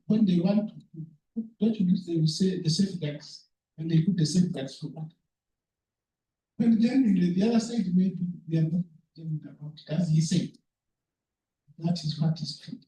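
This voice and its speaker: A man with a high but mellow voice delivers a presentation in a halting, earnest manner and often repeats words. He sits well back from the microphone in an echoey meeting room with faint background noise. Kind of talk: conference presentation. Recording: echoey room, speaker far from mic.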